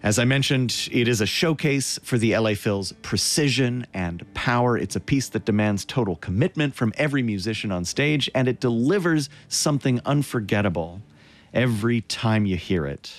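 A man presenting a classical music broadcast, telling the story in a measured way. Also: medium pitch, expressive. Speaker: radio concert host.

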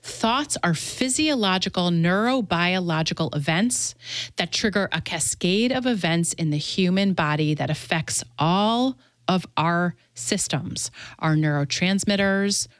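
A woman who treats chronic pain, answering interview questions in a clear, earnest teaching tone. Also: lowish voice, no echo. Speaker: pain therapist.

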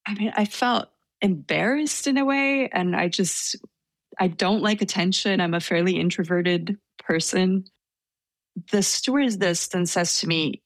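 A woman telling a story in casual conversation, soft-spoken and hesitant with many fillers. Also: on the low side, a little slow, dry recording. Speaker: storyteller guest.

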